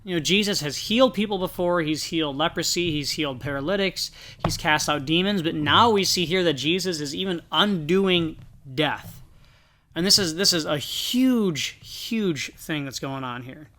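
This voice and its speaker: A man's voice: a little high, normal speed, pushed and bright. A man co-hosting a podcast, earnestly reflecting in a casual Bible discussion. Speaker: podcast co-host.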